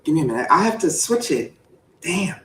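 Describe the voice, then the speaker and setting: A man's voice: a little high, sing-song, a little fast, poor audio. Playful man doing mock-preacher readings. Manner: jokey, mock-preacher delivery with sudden loud and whispered swings. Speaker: show host. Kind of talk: playful Discord voice-chat reading.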